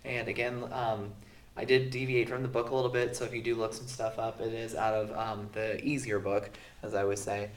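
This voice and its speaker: A man who is sick, teaching a recorded math lesson in a relaxed way with many fillers, going through the steps slowly. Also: lowish voice. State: sick, voice sounds off. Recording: roomy echo.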